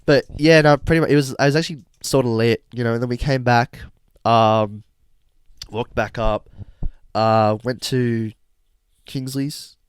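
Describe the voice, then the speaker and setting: A young man hosting a podcast, telling a story in a casual, animated, slangy way and laughing often. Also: medium pitch, a little slow, smooth, no echo, clean studio sound. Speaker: podcast host.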